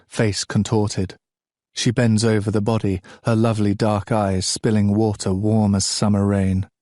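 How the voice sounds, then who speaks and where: Slow, low-voiced man narrating. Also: darkish tone, no echo, clean studio sound. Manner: slow, measured, grave reading. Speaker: audiobook narrator. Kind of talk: scripted narration of a novel.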